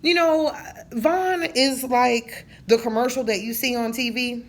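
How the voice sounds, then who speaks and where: A woman's voice: a little high, a little slow. A woman in her thirties venting in a casual monologue, blunt and profane, telling her story with jokes. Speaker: vlogger.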